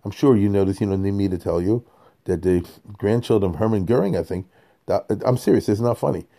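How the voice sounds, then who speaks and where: A man's voice: on the low side, brisk, gravelly, warm tone. A man teaching a conversational Torah class, digressive and chatty, often checking in with his listeners and chuckling between points.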